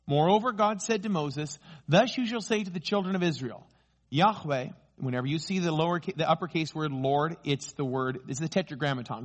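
Male pastor, fairly high voice, emphatic sermon delivery that lingers on key phrases. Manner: emphatic, slows down for key phrases, rises in pitch when excited.

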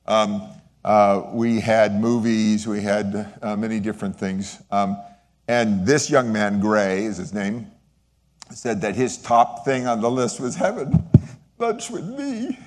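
A sentimental older man shares a testimony in the manner of a sermon. His voice sits a little low, and he talks in an earnest, halting way, often stopping to restart a thought. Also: fairly even intonation, big-room sound. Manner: sentimental, voice wavering with feeling. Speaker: lay speaker sharing a testimony. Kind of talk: sermon-style talk.

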